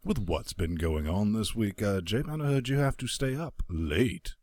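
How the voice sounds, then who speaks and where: Low-ish guy host, bouncy lively delivery, jokey and crude, dry close mic. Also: measured pace, dry recording. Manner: wisecracking, crude jokes. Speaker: podcast host. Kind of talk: casual podcast banter.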